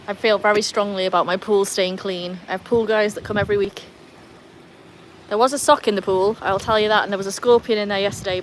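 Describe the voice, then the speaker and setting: A woman from Wales chatting casually with livestream viewers outdoors by a pool, breaking off to scold and cheer her dogs in a high sing-song voice. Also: slight background noise. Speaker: livestream host.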